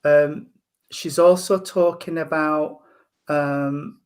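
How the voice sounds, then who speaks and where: Guy doing a psychic reading, gentle and halting, lots of ums and sweethearts, pretty high voice. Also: fairly even intonation. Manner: gentle, hesitant, full of ums and endearments. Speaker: spiritual medium.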